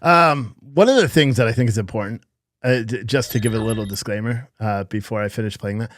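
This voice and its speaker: A man's voice: lowish voice, brisk, dry recording. Laid-back male livestream host. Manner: laid-back, chuckling, swears casually. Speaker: show host. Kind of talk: casual livestream talk.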